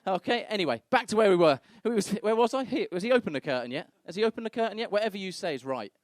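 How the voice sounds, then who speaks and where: High-pitched and animated, this young stand-up races through crude, brash stories on a club stage, acting out everyone in them. The recording is dry, with clean studio sound.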